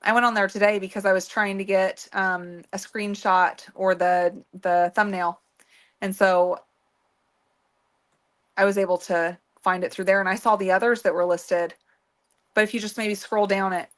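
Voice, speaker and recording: A woman's voice: medium pitch, little pitch movement, moderate pace, fairly bright tone. Chatty woman rambling with fillers. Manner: rambling, with many fillers and restarts. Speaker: co-host of a beading livestream. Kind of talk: casual chat.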